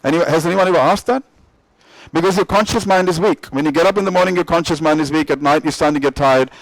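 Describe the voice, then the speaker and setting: Middle-aged male motivational speaker, high voice, emphatic, repeats himself, quizzes the crowd, dry close sound. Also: fast talker, no room sound, poor audio. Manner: emphatic, repetitive, asks the audience questions. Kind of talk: motivational talk to an audience.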